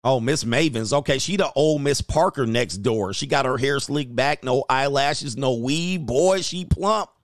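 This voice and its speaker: A man's voice: medium pitch, normal speed, hardly any pauses, no echo, clean studio sound. A man hosting a livestream, riffing and ranting in slangy casual reaction commentary and laughing often. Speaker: livestream host.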